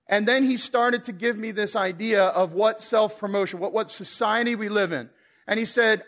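High-voiced man preaching a joking sermon. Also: steady tone, moderate pace, a bit bright. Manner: rambling, self-deprecating, joking with the congregation. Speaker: guest preacher. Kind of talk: casual humorous sermon. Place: church sanctuary.

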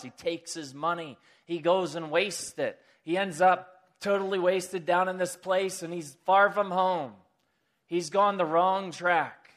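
A man preaching a sermon, retelling a story in a lively, casual way with chatty asides. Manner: animated storytelling, pitch rising with excitement.

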